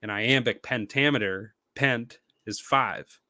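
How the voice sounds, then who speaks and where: A man, a rapper and stage actor, talking casually as a podcast guest, animated and full of "like" fillers. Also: mid-range voice, slow pace, no room sound.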